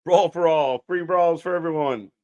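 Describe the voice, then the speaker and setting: A man's voice: fairly high pitch, moderate pace, darkish tone, lo-fi sound. A man hosting a live wrestling watch-along stream, riffing bluntly and sarcastically with lots of swearing while talking to the chat. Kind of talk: unscripted live alternative commentary.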